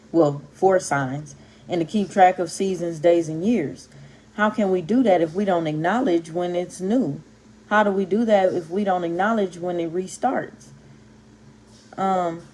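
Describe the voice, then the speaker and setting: A woman's voice: lowish voice, darkish tone. A woman from Compton, giving a casual, impassioned Bible talk to camera and stressing and stretching her words for emphasis. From Compton, California. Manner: punchy exclamations, street slang. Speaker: Bible teacher vlogger.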